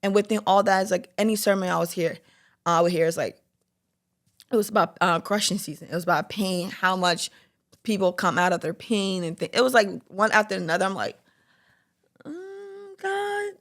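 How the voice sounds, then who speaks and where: A woman's voice: lowish voice, a little fast. A young woman hosting a faith podcast, sharing a personal testimony in candid casual talk, full of "like" and acted-out quotes. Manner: candid, lots of "like" fillers, animated quoting. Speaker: podcast host.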